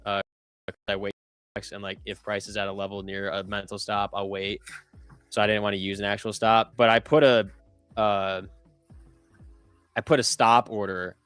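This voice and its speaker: Rambling young male trader, smooth voice. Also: lowish voice, flat delivery, normal speed, long pauses, fairly bright tone, dry recording, soft background music. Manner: loose, rambling, lots of "like" fillers and self-corrections. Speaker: trader on a live trading stream. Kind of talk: casual chat.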